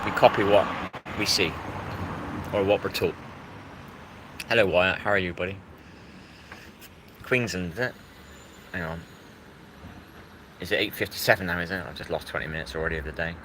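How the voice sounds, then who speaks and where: A low-voiced English man chats loosely on a live stream, wandering from thought to thought and greeting viewers. He is recorded outdoors near a road, and loud traffic noise runs under his voice. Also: moderate pace, pauses often. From England. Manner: meandering, repeats himself, greets chat viewers. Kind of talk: rambling live-stream chat.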